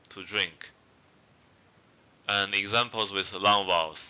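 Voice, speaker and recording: A man's voice: on the low side, takes it slowly, sharp tone, dull audio. A man giving an online language lesson, explaining patiently with "uh" fillers and saying each example word twice for learners to repeat. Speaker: language teacher.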